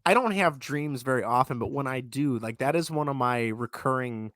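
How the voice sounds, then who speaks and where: A man in his thirties co-hosting a podcast in casual chat, animated and laughing easily, with a sick voice. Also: medium pitch, moderate pace, dry recording, studio quality. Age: 30s. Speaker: podcast co-host.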